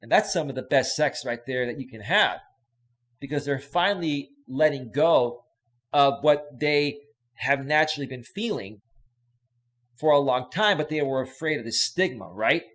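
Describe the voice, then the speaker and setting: A man's voice: mid-range voice, expressive, moderate pace, fairly bright tone. A man coaching on relationships in a casual live stream, emphatic and repetitive, reading out viewer questions. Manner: emphatic, repetitive, reads chat questions aloud.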